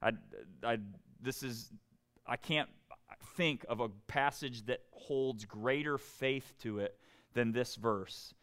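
A man's voice: mid-range voice, takes it slowly, fairly bright tone, clean tone. Conversational male preacher questioning his congregation. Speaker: pastor. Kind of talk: sermon.

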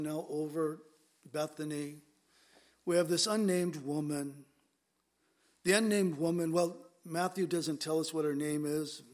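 A man preaching a verse-by-verse sermon, emphatic and conversational, firing off rhetorical questions. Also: on the high side. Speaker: pastor. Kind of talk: expository sermon.

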